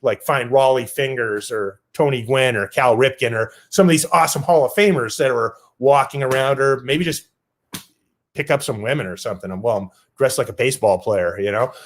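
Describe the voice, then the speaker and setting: A man's voice: mid-range voice, a little fast. A man telling a personal story on stage in a loose, casual way with lots of filler words.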